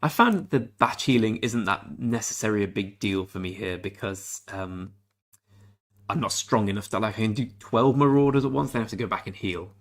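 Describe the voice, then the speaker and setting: Laid-back English man, lowish voice. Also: fairly quick. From England. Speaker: game streamer. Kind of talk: casual livestream chat with viewers.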